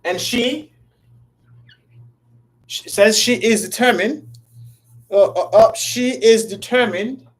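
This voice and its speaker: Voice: medium pitch, breathy edge, low-quality recording. An English teacher giving a live online grammar lesson, repeating phrases and calling out to viewers by name. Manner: repetitive, drawn-out, talks to viewers by name.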